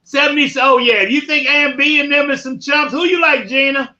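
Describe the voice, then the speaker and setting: Loud trash-talking man hosting sports talk. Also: extremely high pitch, brisk, lo-fi sound. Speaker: podcast host.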